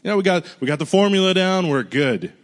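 A male pastor delivers a storytelling sermon in a conversational, earnest way. His voice sinks to a hushed murmur when he recalls his prayers and jumps up high in bursts of excitement. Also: fast.

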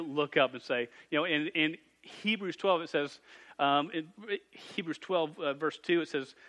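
Bright-voiced man preaching. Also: on the high side. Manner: jokey, self-deprecating storytelling with lively asides. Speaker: youth pastor. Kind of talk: sermon to a youth group and parents. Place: church youth room.

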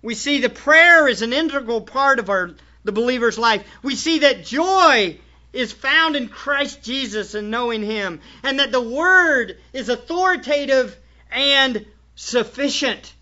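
Bright-voiced preaching pastor, lo-fi. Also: male voice, very high voice, lively intonation, unhurried. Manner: emphatic preaching with rhetorical questions. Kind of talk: sermon. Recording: dull lo-fi church recording.

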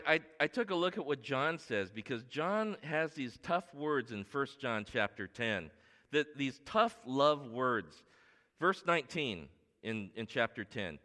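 A middle-aged man preaching a sermon as a pastor, telling stories in an earnest way that swings between hushed and emphatic. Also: lowish voice. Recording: long reverb of a large hall.

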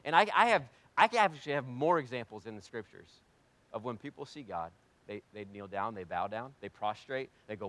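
A male pastor preaching a sermon, swinging between hushed and loud delivery and asking rhetorical questions he answers himself. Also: medium pitch, expressive, fairly quick, no echo.

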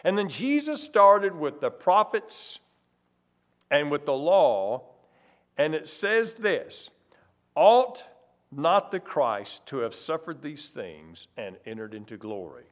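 A man preaching a sermon, stressing words with sudden loud, slow phrases. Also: on the high side, very animated. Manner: emphatic, varies loudness and pace for stress.

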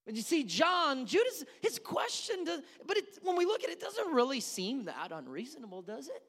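A man delivers a sermon in a church. His voice sits high and swings widely as he tells the story with animation and throws questions out to the congregation. The sound hangs in a long hall reverb. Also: wildly swooping pitch, moderate pace, fairly bright tone. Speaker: pastor.

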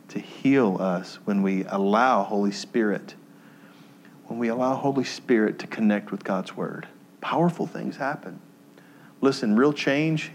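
A man preaching from the pulpit at a medium pitch. He tells a story in a soft, low voice when he is moved. Then he lifts into emphatic, repetitive teaching. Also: slight background noise. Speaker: pastor. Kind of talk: sermon.

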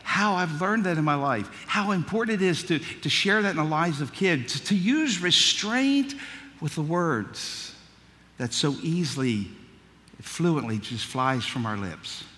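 A man preaching in a folksy, joking storytelling manner, his voice bright and forceful. His voice is a bit higher than most men's, and it rings out with a long reverb like a large sanctuary. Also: lively intonation, moderate pace. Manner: folksy storytelling, humorous asides. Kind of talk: sermon with personal stories.

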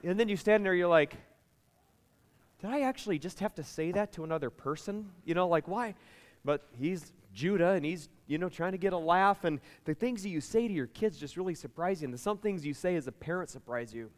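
A male pastor with a slightly higher voice, clear and resonant, talking in a chatty, animated way to his congregation. The sound hangs in the long reverb of a large church hall. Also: brisk. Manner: lively, chatty storytelling with the congregation. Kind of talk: sermon with personal stories.

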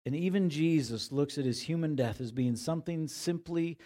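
A man preaching a sermon in a conversational way, growing animated when he retells the passage in everyday words. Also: on the high side, moderate pace. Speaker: pastor.

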